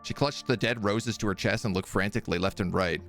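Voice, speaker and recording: Streaming a game, a man reads its story text aloud at a measured pace, talking softly to his cat between passages. His voice sits on the low side, with soft music playing in the background.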